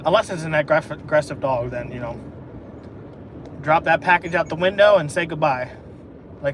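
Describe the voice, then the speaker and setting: A man's voice: a little high, moderate pace, pauses often. A man who works as a delivery driver, talking casually to the camera while he drives and rambling as he thinks aloud. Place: in a car on rural roads. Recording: car recording with road noise.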